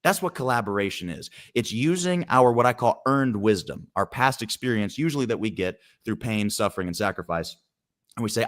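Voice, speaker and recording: Low-voiced man telling a parable. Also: fairly quick. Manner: animated storyteller acting out the characters' lines. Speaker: guest. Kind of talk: storytelling on a live stream.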